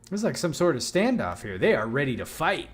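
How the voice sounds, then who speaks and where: Husky-voiced man playing a game. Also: fairly high pitch, a little fast. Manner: rambling, swears, excited outbursts. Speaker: let's play host. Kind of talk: casual gameplay commentary.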